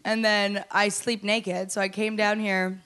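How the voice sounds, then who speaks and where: A woman's voice: mid-range voice, level tone, unhurried, a bit bright, smooth. A young woman co-hosting a podcast, chatting casually in a playful, giggly way. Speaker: podcast co-host. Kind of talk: casual chat.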